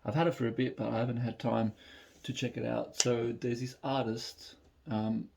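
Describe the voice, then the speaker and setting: A man's voice: medium pitch, little pitch movement, moderate pace, vocal fry, warm tone. A man from Melbourne with an Australian accent, chatting casually and rambling with many fillers while reacting to music on a phone recording. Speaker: reaction video host.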